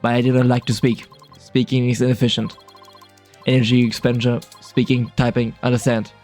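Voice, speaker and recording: A man streaming a game, reading a terse male bomb expert in a flat, clipped, machine-like delivery. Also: medium pitch, a little fast, faint music behind, lightly acted. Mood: clipped robotic. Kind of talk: casual game dialogue reading.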